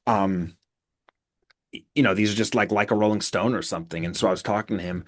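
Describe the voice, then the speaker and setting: A man, an author and podcast guest, telling anecdotes in a casual, animated way, with many fillers and restarts. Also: on the low side, brisk, a little hiss or hum.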